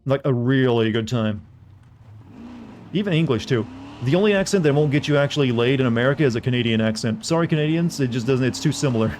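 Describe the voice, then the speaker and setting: A man's voice: mid-range voice, animated, very fast, a little mellow, slight background noise. A man with a Southern US accent, casually rambling and joking with viewers while playing a game. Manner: rambling, jokey, chatting with viewers. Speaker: streamer. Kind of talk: casual gameplay commentary.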